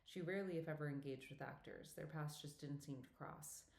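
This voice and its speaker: A woman narrating an audiobook in a measured, even storytelling manner. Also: low-pitched, vocal fry. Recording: echoey room.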